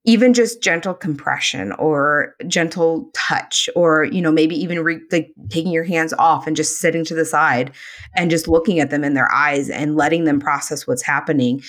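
A woman's voice: low voice, moderate pace, fairly bright tone. A woman chiropractor in an earnest podcast conversation, with many fillers like "you know".

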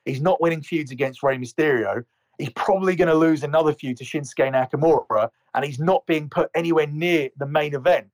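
This podcast co-host has a fairly high, brisk voice. He's on a heated, profane rant, repeating words over and over in casual fashion.

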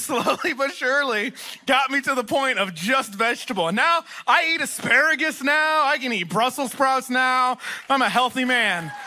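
Man, church pastor, high bright voice, animated storytelling sermon. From Texas. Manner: animated, self-deprecating storyteller. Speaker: location pastor. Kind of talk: sermon with humorous stories. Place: church auditorium.

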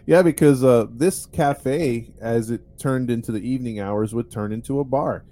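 A man's voice: mid-range voice, normal speed, dark tone. A man hosting a podcast, telling a story in a rambling, wry way with many fillers. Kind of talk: casual storytelling chat.

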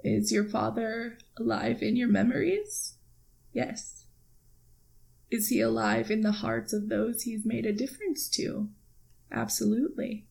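A woman voicing a calm, sorrowfully wise winged woman who speaks softly and solemnly in a tabletop role-play. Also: fairly high pitch, gravelly, pitched above the performer's own voice, rough recording. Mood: gentle. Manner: soft, solemn and measured.

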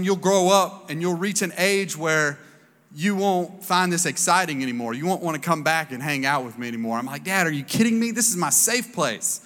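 A man's voice: a little high, bright, forceful tone. A man in his thirties preaching a sermon in a casual, storytelling way, acting out the voices he quotes. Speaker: pastor. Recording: long reverb of a large hall.

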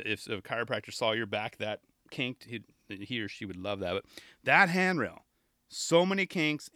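Bright-voiced rambling male podcast host. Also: mid-range voice, no room sound, studio quality. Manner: rambling, enthusiastic, self-interrupting. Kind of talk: casual solo podcast talk.

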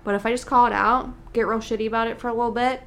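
A woman's voice: fairly high pitch, steady tone, racing, a bit bright. A woman co-hosting a casual podcast, talking frankly, swearing easily and laughing often. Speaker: podcast co-host.

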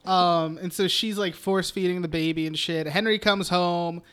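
A man's voice: high voice, steady tone, normal speed, fairly bright tone, smooth. A young man co-hosting a podcast, casually retelling a film in a rambling way, laughing and swearing freely. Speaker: podcast co-host.

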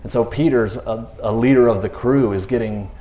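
A man talking casually about scripture in a laid-back, slangy way, retelling stories with lively asides. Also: mid-range voice, normal speed. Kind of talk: casual faith talk. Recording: roomy echo.

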